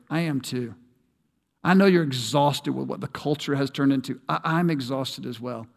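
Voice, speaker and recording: A man preaches in a sanctuary, his voice sitting a little high. He talks to the congregation conversationally and then pushes up to emphatic peaks. A long reverb hangs after his words. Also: creaky. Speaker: pastor. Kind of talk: sermon.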